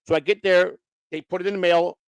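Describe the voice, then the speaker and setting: Fast-talking profane man telling stories. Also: high voice, little pitch movement, vocal fry, clean tone, no room sound. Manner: blunt, profane, rambling with many restarts. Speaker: host. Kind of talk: casual storytelling chat.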